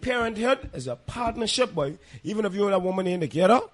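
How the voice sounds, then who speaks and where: This is a man with a high voice talking on a casual podcast. He lectures with emphasis and hammers each point more than once. He stays chatty rather than formal. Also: lively intonation, fast talker. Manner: calls listeners "boy". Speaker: podcast co-host. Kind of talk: casual chat.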